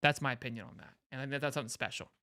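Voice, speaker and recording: A man's voice: mid-range voice, steady tone, rapid-fire, sharp tone, dry recording, clean studio sound. A man hosting a casual sports talk show, rambling and laughing easily. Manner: rambling, laughs easily, says bro and dude. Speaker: sports podcast host.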